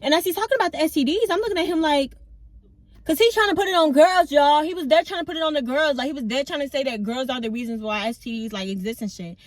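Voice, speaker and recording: A woman's voice: high-pitched, fast, poor audio. A young woman, telling candid, rambling stories in a casual vlog. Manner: candid, slangy, rambling storyteller with filler words. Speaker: vlogger. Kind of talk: casual story-time vlog.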